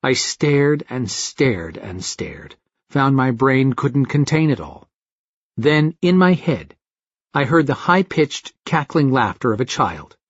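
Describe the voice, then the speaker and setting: A man's voice: medium pitch, very animated, slow pace, breathy edge, no room sound, dull audio. A man reading a first-person horror-comedy story aloud in a wry, vivid storytelling manner. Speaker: audiobook narrator.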